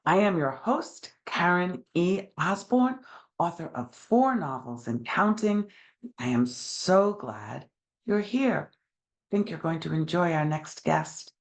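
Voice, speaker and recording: A woman's voice: lowish voice, very animated, slow. A woman with a New York accent hosting a podcast, chatty and enthusiastic, laughing often. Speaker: podcast host. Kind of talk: casual interview chat.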